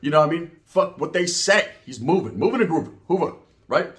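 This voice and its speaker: A man's voice: a little high, lively intonation, a little fast, a bit bright. Slangy man telling a prison story. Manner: slangy, profane, rambling with frequent "right?". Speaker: storyteller recounting prison life. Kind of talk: casual storytelling.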